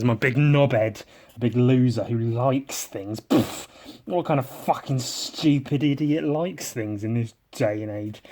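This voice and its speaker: A man's voice: mid-range voice, a little mellow. A man hosting his own drawing podcast, rambling in a sweary, self-mocking comic monologue full of silly wordplay as he works at his desk. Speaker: podcast host.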